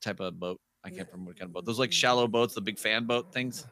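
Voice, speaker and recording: A man co-hosting a podcast, animated and profane in casual chat, quick to laugh. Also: on the low side. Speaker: podcast co-host.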